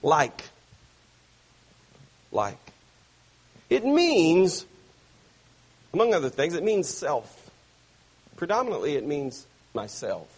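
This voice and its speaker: Husky guy preaching in church, slow and drawn out, leans hard on words then goes quiet. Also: fairly high pitch, very animated. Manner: emphatic preaching with slow stressed phrases and sudden soft drops. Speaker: pastor. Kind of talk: sermon.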